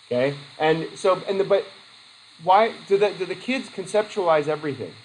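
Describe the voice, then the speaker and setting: A man's voice: high voice, lively intonation, normal speed, slight background noise, rough recording. A male teacher giving a casual classroom lecture, acting out quoted voices and laughing easily.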